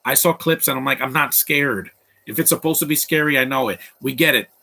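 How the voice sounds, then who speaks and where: Blunt, rambling man with a bright voice. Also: mid-range voice, brisk, gravelly. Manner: blunt and opinionated, rambling with restarts. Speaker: host of a live movie commentary stream. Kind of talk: casual live movie commentary.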